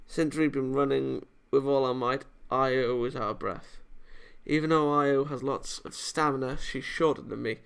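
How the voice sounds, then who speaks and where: A man hosting a gaming channel, reading visual novel narration aloud and sometimes breaking off into excited asides. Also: mid-range voice, moderate pace, gravelly, clear, resonant tone.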